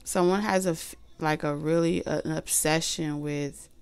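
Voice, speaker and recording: Woman reading tarot, casual and rambling, a bit low-pitched, voice wearing thin. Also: fairly even intonation, moderate pace, gravelly, a little mellow, smooth, dry recording. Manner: chatty, loose and repetitive with many fillers. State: losing her voice. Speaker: tarot reader.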